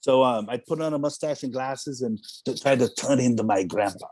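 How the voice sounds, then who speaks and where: A man's voice: medium pitch, brisk, a little mellow, breathy edge, no echo. Rambling self-deprecating male actor. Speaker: actor guest. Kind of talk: casual interview chat.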